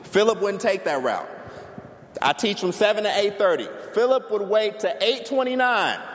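Guy preaching in a big echoey church, kinda high voice, animated storytelling, claps a lot. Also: normal speed. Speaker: pastor. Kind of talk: sermon. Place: church sanctuary before a congregation. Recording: long hall reverb, faint noise.

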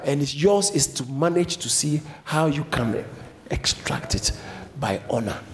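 A man preaching a sermon as a pastor, switching between low explanations and sudden high emphatic lines. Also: unhurried. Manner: animated preaching, jumping to high emphatic pitch.

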